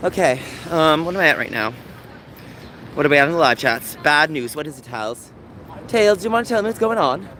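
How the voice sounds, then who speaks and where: A man with a fairly high voice, chatting in a loose, rambling way as he livestreams from outside. Traffic and city noise run clearly behind him. His talk wanders and repeats itself. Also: animated, fairly quick, sharp tone, rough recording. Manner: rambling, repetitive calling out to passersby. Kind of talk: outdoor livestream chat. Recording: street noise and passing traffic.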